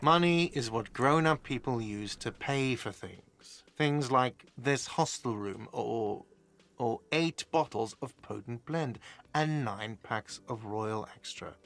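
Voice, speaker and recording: In game voice acting, an actor plays an irritable, sarcastic male hostel manager who talks curtly. The voice is medium in pitch, slow and fairly bright.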